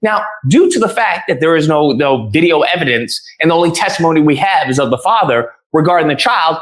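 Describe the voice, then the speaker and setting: Animated man ranting heatedly. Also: fairly high pitch, a little fast. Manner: animated, mocks opponents in put-on quoting voices. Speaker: online commentator. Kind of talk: heated opinion rant.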